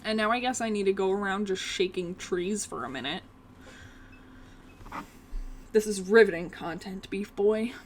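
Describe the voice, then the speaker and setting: A woman's voice: medium pitch, fairly quick, slight background noise. A young woman chatting casually through a gameplay session, often talking fondly to her cat. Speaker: gaming video creator.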